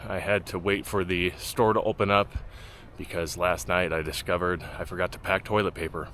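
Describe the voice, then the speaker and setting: A man with a slightly low voice tells his trail story outdoors in a dry, deadpan way. He keeps jokes flat and matter-of-fact, like a running vlog narration. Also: moderate pace, slight background noise. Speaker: hiking vlogger.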